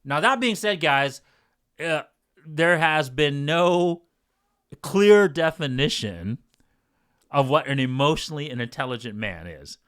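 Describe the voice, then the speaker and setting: A man's voice: fairly high pitch, animated, slow, long pauses, a bit bright, smooth. A man co-hosting a podcast with his wife, talking in an emphatic, lecturing way with many fillers and restarts. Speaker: podcast co-host. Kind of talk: casual podcast chat.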